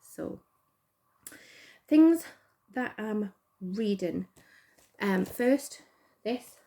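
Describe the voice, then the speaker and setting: A woman's voice: medium pitch, animated, very slow, vocal fry, dark tone. A middle-aged woman with a Geordie accent, chatting casually and rambling as host, self-deprecating and full of fillers. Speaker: podcast host. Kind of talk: casual chat.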